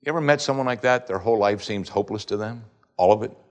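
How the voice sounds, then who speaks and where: A man preaching a sermon, reading scripture and shifting between loud pleading questions and low, hushed lines. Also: fast.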